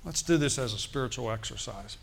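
A man preaching a sermon, animated and quoting scripture, calling out for amens. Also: medium pitch, fairly quick, vocal fry, slightly rough.

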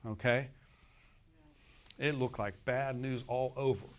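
A man, a pastor, preaching a sermon in a folksy way, speaking straight to the congregation and swinging from loud emphatic bursts to soft murmured asides. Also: medium pitch, fairly even intonation, slow pace.

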